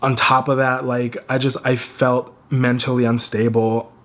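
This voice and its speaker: A young man talking straight to camera for his personal vlog, grieving and close to tears, speaking haltingly with a stutter and repeated words. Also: mid-range voice, little pitch movement, a bit bright. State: fighting back tears. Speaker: vlogger.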